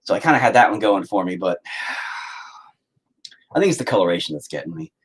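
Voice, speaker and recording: Foul-mouthed man narrating his painting, husky voice with a lively, swooping pitch. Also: moderate pace. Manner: profane, self-deprecating rambling. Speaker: painting vlogger. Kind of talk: casual commentary while painting.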